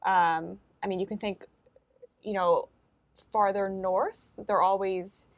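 A woman's voice: mid-range voice, steady tone, takes it slowly. A woman co-hosting a podcast, talking casually about ancient history with many fillers and restarts. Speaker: podcast co-host.

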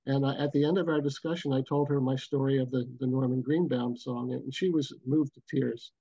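A mellow, warm-voiced older man telling a story at an unhurried, reflective pace. The video call audio is dull and lo-fi, and the sound is dry and close. He pauses often as he recalls the details. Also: mid-range voice, fairly even intonation, vocal fry, breathy edge, no echo. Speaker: guest, booking agent. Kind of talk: storytelling interview. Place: home, bridge view behind.

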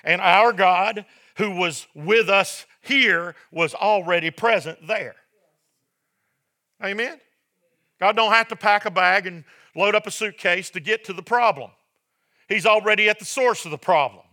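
A male pastor delivers a sermon in a high, very bright and forceful voice. He throws "Amen?" out to the congregation and climbs into shouted, fervent peaks. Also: a little slow. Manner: preaching with call-and-response "Amen?" and shouted climaxes.

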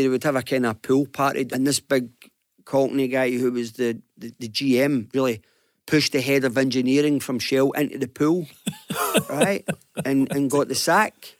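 A man from Glasgow with a Glaswegian Scottish accent, telling a business anecdote on a radio show with lively acted-out quotes. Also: mid-range voice, no echo, clean studio sound. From Glasgow, Scotland. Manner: lively storyteller, acts out quotes, chuckles. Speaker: business guest panellist.

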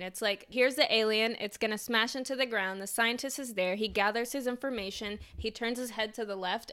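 A woman co-hosting a casual film podcast, telling stories in an animated way with lots of asides. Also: mid-range voice, smooth. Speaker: podcast co-host. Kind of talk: casual chat about films.

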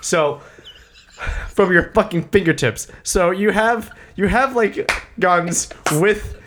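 A man's voice: high voice, takes it slowly. A young man recapping a movie in casual chat, rambling and swearing with many side notes. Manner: rambling, animated, profane, full of side notes. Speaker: podcast co-host recapping a movie.

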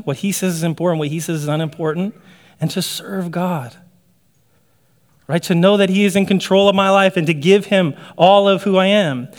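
A man preaching a sermon in a conversational way, often checking in with "right?" and laughing lightly. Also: a little high. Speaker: pastor.

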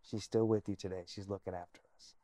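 A man, an army veteran, telling his personal story as a guest in an interview, earnest and animated, sometimes dropping to a near-whisper. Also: deep voice, quick pace, no echo.

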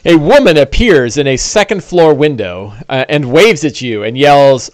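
A man narrating a tabletop game as game master, animated and full of fillers. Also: on the high side, moderate pace, no room sound.

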